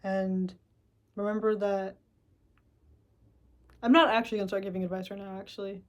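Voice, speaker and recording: A woman vlogger talking to camera in a loose, reflective monologue. Her voice sits at an ordinary middle pitch, and she rambles with plenty of swearing. Now and then she acts out her own inner thoughts. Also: flat delivery, moderate pace.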